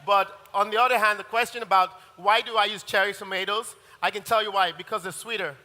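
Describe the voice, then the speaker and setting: Male chef, live demo, upbeat, high and bright, reverberant hall. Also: steady tone, fast. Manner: enthusiastic, talks while cooking. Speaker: chef giving a cooking demonstration. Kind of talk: live cooking demonstration. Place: large hall at a live event.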